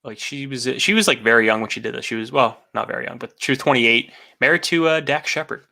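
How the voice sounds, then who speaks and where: Jokey male podcast co-host with a gravelly, sharp-edged voice. His casual chat is full of filler pauses. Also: medium pitch.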